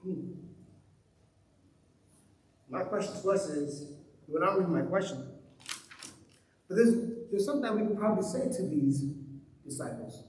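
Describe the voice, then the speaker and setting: A man's voice: sits high, expressive, normal speed, long pauses, a little mellow, roomy sound, a little hiss or hum, poor audio. A man preaching a sermon in a conversational way, asking his listeners question after question. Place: church hall.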